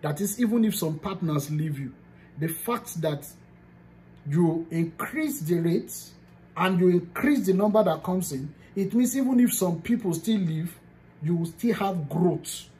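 Speaking a little slowly, a Nigerian woman who works as a business coach motivates and teaches her team with lively intonation in a dark, fairly low voice. She stresses her points, repeats key phrases to hammer them in, and sometimes switches to pidgin.

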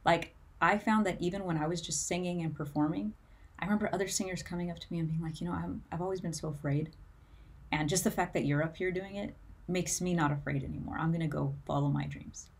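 Husky woman with a low voice, a music coach speaking to her viewers, heartfelt and tearful. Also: steady tone, fast talker. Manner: earnest, emotional, many fillers like "like". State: tearful, near crying. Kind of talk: motivational talk to camera.

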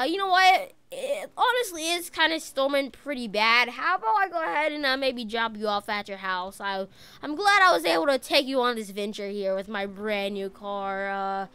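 Excitable high-voiced woman gaming. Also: clear, resonant tone, dry recording. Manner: excitable, chatty, full of "bro" and "dude" exclamations. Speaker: gamer playing a driving role-play. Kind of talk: casual in-character game role-play commentary.

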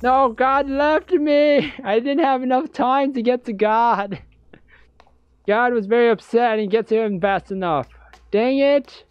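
A man streaming a horror game, giving excitable, jokey commentary and talking to himself. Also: very high voice, measured pace, clear, resonant tone, no echo, dull audio. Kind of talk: let's play commentary.

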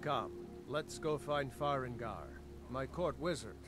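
An actor playing a middle-aged fantasy jarl, formal and measured as he addresses a visitor to his court. His voice sits at an ordinary male pitch, and game music is clearly audible behind him. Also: natural voice. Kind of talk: video game voice acting.

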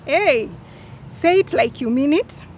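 A woman giving a children's sermon as a Sunday school teacher, slow and emphatic, repeating lines for the children to echo. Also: high voice, expressive, slight background noise.

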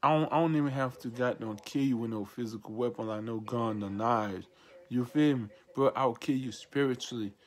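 Man from Nigeria, self-styled prophet, profane defiant rant to camera, mid pitch. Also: normal speed, a little mellow. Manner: defiant, profane, repetitive ranting with taunting asides.

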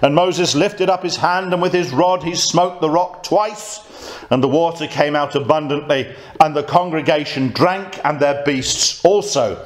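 A man's voice: fairly high pitch, a little slow. A man preaching a conversational sermon and reading scripture aloud. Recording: echoey church room.

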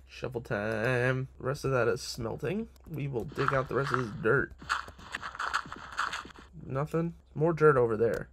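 A young man rambles through his own game, joking and swearing at himself, his pitch swinging widely from line to line. His voice has a gravelly edge, and a faint hiss sits under the recording. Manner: profane, joking, talks to himself. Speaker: gamer. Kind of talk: casual gaming commentary.

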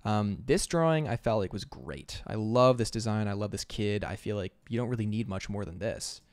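A man's voice: lowish voice, moderate pace, no echo. Upbeat chatty man streaming. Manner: upbeat, chatty, laughs often. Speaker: concept artist streamer. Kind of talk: casual livestream chat.

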